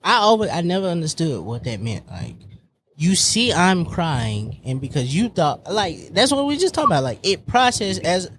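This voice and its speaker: A man chatting casually as a podcast co-host, animated and laughing often. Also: normal speed, a little hiss or hum. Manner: animated, laughs often, swings his pitch widely. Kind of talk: casual chat.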